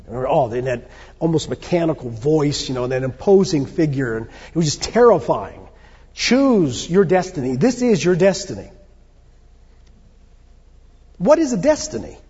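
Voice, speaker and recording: A man's voice: fairly high pitch, warm tone, breathy edge. Preacher man in a reverberant hall. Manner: conversational preaching with fillers and rhetorical questions. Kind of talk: sermon to a congregation. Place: church hall. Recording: dull sound with long hall reverb.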